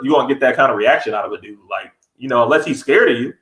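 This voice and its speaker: A man co-hosting a podcast in casual chat, blunt and animated, acting out heated quotes. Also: mid-range voice, very fast, hardly any pauses, echoey room, poor audio. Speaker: podcast co-host.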